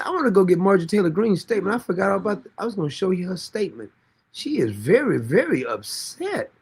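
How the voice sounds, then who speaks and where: A man's voice: fairly high pitch, vocal fry, breathy edge. A man hosting a casual livestream, rambling and mocking with frequent laughter, talking now and then to someone beside him. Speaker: livestream host.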